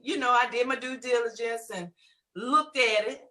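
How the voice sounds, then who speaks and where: Woman in her fifties, high bright voice, emphatic testimonial, sits back from the mic. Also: slow pace, pauses often. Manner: emphatic and lively, calls listeners honey and girl. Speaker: webinar guest giving a testimonial. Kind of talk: exuberant testimonial. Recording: distant from the mic.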